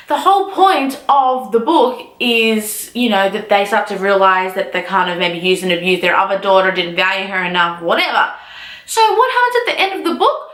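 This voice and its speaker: A woman rants to camera in a high, bright voice that leaps around in pitch. She swears freely and never loses steam. The room around her is echoey. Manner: animated, swears freely, ranting. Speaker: book vlogger. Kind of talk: casual rant to camera.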